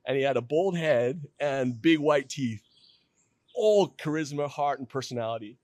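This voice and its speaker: Earnest storytelling man, slightly high voice. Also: animated, normal speed, dry recording. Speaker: guest. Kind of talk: personal storytelling in a podcast interview.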